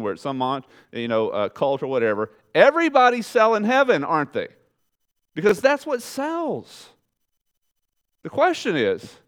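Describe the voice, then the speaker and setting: Animated preacher man with big swings. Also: smooth. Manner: animated preaching, rising loud on questions and dropping low and soft for emphasis; conversational, talks straight to the congregation. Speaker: pastor. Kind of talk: sermon.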